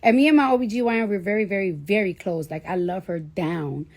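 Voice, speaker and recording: A woman's voice: medium pitch, fairly quick, darkish tone. A woman in her thirties telling a personal story casually, with blunt, profane talk and lots of fillers. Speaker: celebrity on a livestream.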